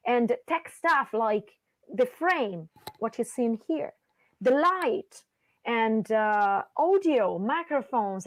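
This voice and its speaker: A woman co-hosting a podcast as a voice and confidence coach, talking animatedly and swinging her voice high and low to make her points over a webcam call. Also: no room sound. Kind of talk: casual podcast chat.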